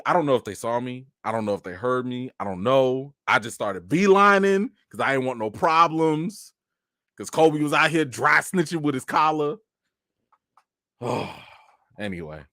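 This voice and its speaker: A man hosting a casual live-stream chat, his pitch leaping high and dropping low as he acts out his own reactions in an animated story. He greets viewers by name in a relaxed, friendly flow. The sound is dry and close, with almost no room echo.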